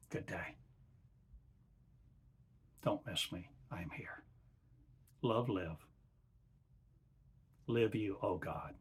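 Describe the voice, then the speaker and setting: A man acting as a spiritual teacher, giving a channeled spiritual address in slow, halting short phrases that often trail off softly. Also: lowish voice, husky.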